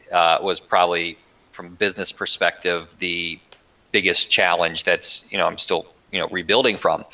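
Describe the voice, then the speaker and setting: Deep-voiced man telling his story earnestly. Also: sharp tone, low-quality recording. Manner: earnest, reflective, with halting restarts. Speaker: podcast guest. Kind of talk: personal storytelling.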